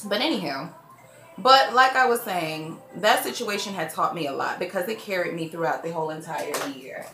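A woman's voice: fairly low pitch, moderate pace, pushed and bright, faint music behind. Woman vlogging with echoey room sound. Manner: emotional, testifying about faith. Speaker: beauty vlogger. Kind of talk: get-ready-with-me makeup chat.

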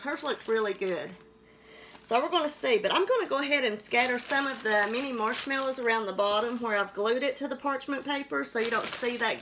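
A woman chats her way through a live cooking stream from her home kitchen. Her voice sits a little high, and she keeps a folksy, friendly patter, greeting viewers by name. Steady household noise runs clearly beneath her.

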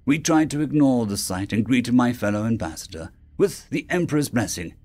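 A male narrator reads a science fiction tale in a polished, scripted way. His pitch rises and falls with a lively swing, and he slips into the characters' lines as they speak. A faint bed of music runs under his voice. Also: moderate pace.

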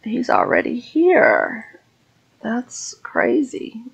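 A woman giving casual Let's Play commentary on a life-simulation game, chatting and voicing her character's reactions in quick asides. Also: a little high, huge pitch swings, gravelly, breathy edge, poor audio. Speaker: gaming YouTuber.

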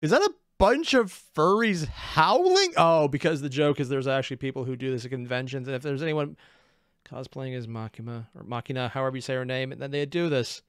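A man reacting to a video in casual commentary, rambling and giggly, over-caffeinated and jumping into high squeaks. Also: fairly even intonation, fast, clean tone, no echo, clean studio sound. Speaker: reaction streamer.

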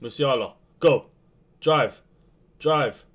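A young man commentating his own football video game match, swinging between low muttering and sudden shouts. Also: takes it slowly. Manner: excitable, swings from muttering to yelling. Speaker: gaming youtuber. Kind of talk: live gameplay commentary.

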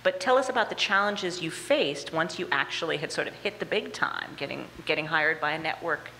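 A woman interviewing a guest on stage, asking measured, admiring questions. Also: sits low, animated, sharp tone. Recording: reverberant hall with faint background noise.

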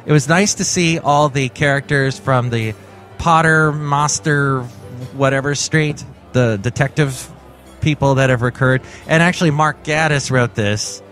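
A man's voice: mid-range voice, a bit bright. A man hosting his own daily podcast from home, rambling in a jokey, sarcastic monologue. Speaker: podcast host. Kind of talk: casual comedic monologue.

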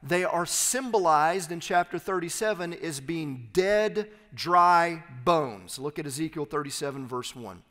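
A man preaching an expository sermon as pastor, reading scripture aloud and explaining it with emphatic, slowed phrases. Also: on the high side, lively intonation, a bit bright, in a large hall. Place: church sanctuary.

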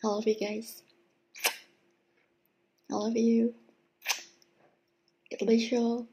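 A young woman hosting an ASMR mukbang, whispering a food review in a soft, breathy voice that drifts into a low murmur. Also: level tone, slow pace, muffled recording, a little hiss or hum.

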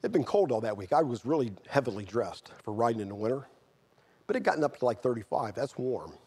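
Middle-aged man, preaching a sermon, husky, earnest, fervent. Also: mid-range voice, expressive, fast. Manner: earnest, swings from quiet storytelling to shouted fervor. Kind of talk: sermon with personal testimony.

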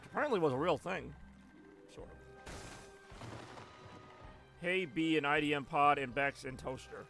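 A man's voice: on the high side, a little slow, vocal fry, bright, forceful tone, faint music behind. A man streaming a game live, rambling and joking as he chats with his viewers. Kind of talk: casual live stream gameplay commentary.

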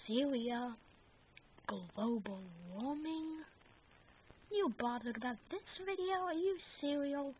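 Woman, high pitch, unhurried delivery; goofy action figure wrestling banter; tinny phone-quality audio. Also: animated. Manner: goofy, rambling, bantering back and forth with itself. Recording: tinny phone-like recording with faint noise.

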